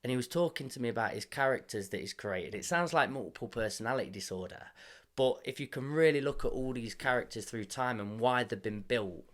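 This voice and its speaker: A man's voice: mid-range voice, a little fast, fairly bright tone. Earnest, emotional male podcast host. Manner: earnest, emotional, laughs often. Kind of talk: casual conversation.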